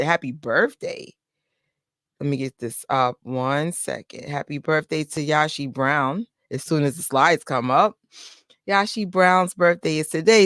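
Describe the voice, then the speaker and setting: A young adult woman chats her way through a casual fan live stream at home, talking into a desk mic. She's excitable, greets viewers by name and laughs easily, and the sound is close and dry. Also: fairly low pitch, no room sound. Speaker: fan channel host. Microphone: desk microphone.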